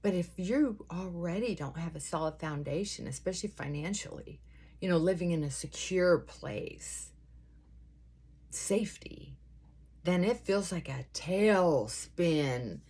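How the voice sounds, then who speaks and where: A woman's voice: lowish voice, lively intonation, unhurried, a little mellow, breathy edge. A middle-aged woman chatting earnestly and giving advice while doing her makeup.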